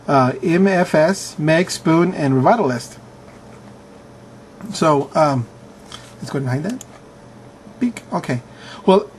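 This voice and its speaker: A man's voice: a little high, slight background noise. A man casually reading out answers from viewers, chuckling and reacting with mock outrage. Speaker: video host reading answers. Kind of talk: casual commentary reading aloud.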